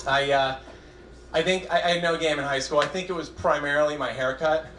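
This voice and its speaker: A man's voice: fairly high pitch, fairly even intonation, fairly bright tone, slight background noise. Self-deprecating young male stand-up comic. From Southern California. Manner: self-deprecating, halting with restarts. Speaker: stand-up comedian. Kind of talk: stand-up comedy set. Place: comedy club stage with a live audience. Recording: echoey club room, faint crowd ambience.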